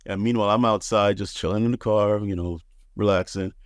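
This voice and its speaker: Laid-back man in his thirties, low and dry. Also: steady tone, brisk, dry recording. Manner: laid-back, frank, swears freely, acts out quotes. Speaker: podcast guest. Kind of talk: casual storytelling.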